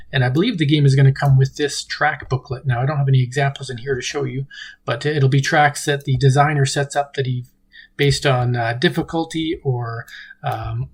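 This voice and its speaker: A man hosting a board game channel, giving a casual game preview with a relaxed manner and frequent ums and uhs. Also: a little high, husky.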